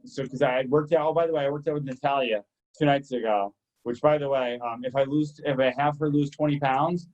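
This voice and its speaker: A man's voice: mid-range voice, a little mellow. A man co-hosting a casual chat, telling a long story in a rambling, candid, self-deprecating way. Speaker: co-host. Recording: dull lo-fi audio.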